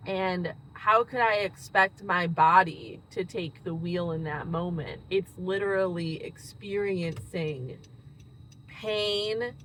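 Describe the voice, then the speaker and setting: A woman speaking in an earnest, thoughtful way, reflecting slowly and pausing often in a personal monologue. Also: lowish voice, a bit bright, slight background noise, low-quality recording. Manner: slow, earnest, thoughtful, with frequent pauses. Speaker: host.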